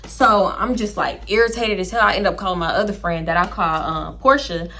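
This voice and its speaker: Animated woman storytelling. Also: on the low side, fairly quick. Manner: animated, acts out both sides of conversations. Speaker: storytime vlogger. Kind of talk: casual storytime.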